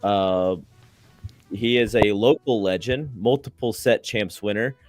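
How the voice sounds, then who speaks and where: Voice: mid-range voice, unhurried, a little mellow, no echo, faint music behind. A co-caster on a live card game stream who introduces a player with enthusiasm.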